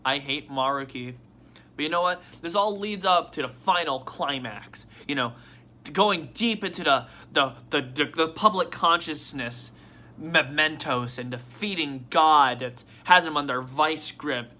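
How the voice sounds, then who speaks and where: A man vlogging casually at his desk, rambling and excitable with frequent swearing and restarts. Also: on the high side, unhurried. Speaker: toy unboxing vlogger.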